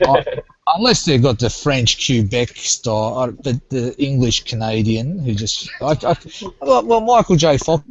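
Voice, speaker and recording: A man's voice: mid-range voice, animated, normal speed, a little hiss or hum. Hesitant man on a dull web call. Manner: hesitant, many ums and restarts. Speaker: hangout participant. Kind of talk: casual group chat.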